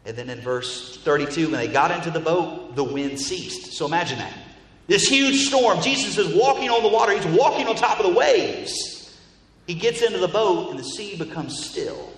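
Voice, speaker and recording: Pastor, male, high voice, emphatic sermon delivery with repeated phrases, long church-hall reverb. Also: expressive, normal speed, fairly bright tone. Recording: echoey hall reverb, faint ambience.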